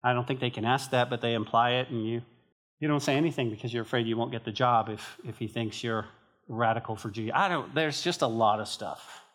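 A pastor from northern New Mexico preaching a sermon to his church in an animated, emphatic, conversational way. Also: medium pitch, fairly quick.

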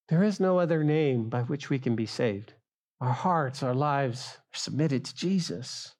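A middle-aged male pastor preaching a sermon, speaking straight to the congregation and rising loud for emphasis. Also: medium pitch, animated, a little slow. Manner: acts out quoted voices of listeners.

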